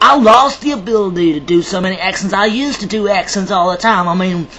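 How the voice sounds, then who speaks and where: A man's voice: sits high, a little fast, sharp tone, a little hiss or hum, poor audio. A man vlogging to camera in a rambling, chatty way, theatrical and self-described as dramatic. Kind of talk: rambling casual monologue to camera.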